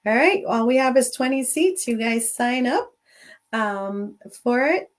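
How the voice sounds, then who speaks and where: A woman's voice: fairly high pitch, lively intonation, a little slow. A middle-aged woman hosting a live show, chatting with viewers and telling stories, switching between English and Spanish as she laughs along. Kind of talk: casual bilingual live-stream chat.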